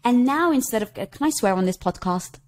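A middle-aged woman appears as a podcast guest, telling her story in an animated, conversational way. Her pitch moves a lot as she speaks expressively, often slipping into quoted dialogue, her own words included, with little laughs. She talks a little fast, and there's slight background noise.

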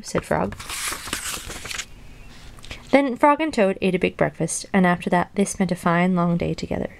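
A woman's voice: fairly low pitch, expressive, normal speed, creaky, pauses often, a little mellow, slight background noise. Woman reading a children's book aloud. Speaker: reader and video host. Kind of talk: reading a children's storybook aloud, then casual chat.

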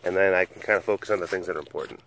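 A man's voice: sits low, rapid-fire, a bit bright, a little hiss or hum. A middle-aged man hosting a casual vlog, talking in a rambling, hesitant way with many fillers. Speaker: big cat sanctuary vlogger.

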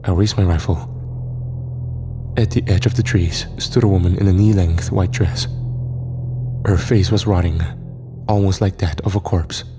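A man narrating a first-person horror story in a steady, even manner. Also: low-pitched, normal speed, pauses often, over music.

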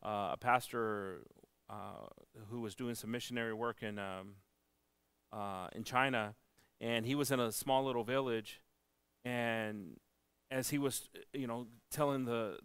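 A man preaching a church sermon in an earnest, halting way, often restarting his words. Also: mid-range voice, fairly bright tone, smooth, no room sound. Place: church service.

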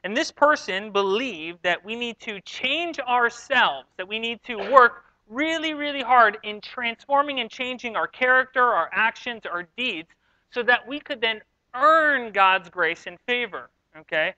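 A man from New York giving a sermon as pastor, telling stories in a relaxed, self-deprecating way. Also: very high voice, measured pace, no echo, muffled recording. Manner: conversational, self-deprecating storytelling. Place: church sanctuary.

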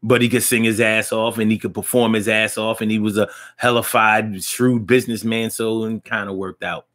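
A man's voice: fairly low pitch, flat delivery, normal speed, a bit bright. A man hosting a casual live-stream talk show, chatting loosely with slang and lots of restarts, reading viewer comments aloud.

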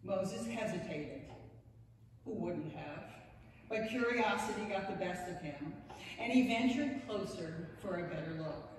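A woman's voice: lowish voice, expressive, a little slow, a little hiss or hum. A woman pastor giving a sermon, telling a story with wry, playful asides. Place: church sanctuary. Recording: echoey church hall, distant mic.

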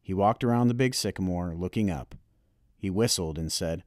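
A man narrating a novel chapter for an audiobook, reading in a measured, expressive storytelling way. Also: low-pitched, dry recording, studio quality.

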